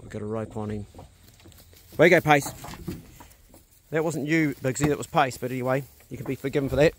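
A farmer vlogger speaks casually and bluntly into a phone camera while outdoors on his farm, swearing freely. His voice sits at a medium pitch, with background noise in the recording.

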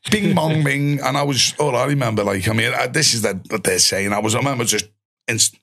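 Gravelly Liverpool man telling stories. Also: mid-range voice, fairly quick. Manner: animated, swears freely, acts out voices of friends. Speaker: guest. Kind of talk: storytelling in casual chat.

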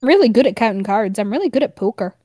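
A woman's voice: a little high, fast, no echo, clean studio sound. A woman game master voicing a boastful male gambler who cheats at cards, in a cocky, playful way. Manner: cocky, playful, deadpan bluffing.

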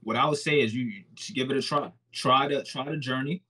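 A man's voice: medium pitch, a little fast, sharp tone, husky, poor audio. A man in his twenties from Haiti, a guest who makes hair oil, chatting in an easygoing, reassuring way. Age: 20s. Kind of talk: casual chat.

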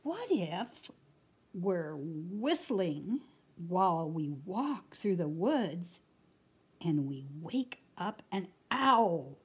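Lady playing a brainy woodchuck guy freaking out, wails up and down, slow storybook voice. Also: very animated, breathy edge, exaggerated voice. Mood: worried. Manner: wailing, rising to high anxious cries. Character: bookish male woodchuck, suddenly fearful. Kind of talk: storybook read-aloud.

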